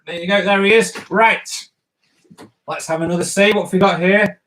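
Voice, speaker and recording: Playful cartoonist drawing live. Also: male voice, sits high, normal speed, a bit bright, rough recording. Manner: playful, jokey, chatty running commentary. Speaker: cartoonist host. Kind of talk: live drawing stream for kids.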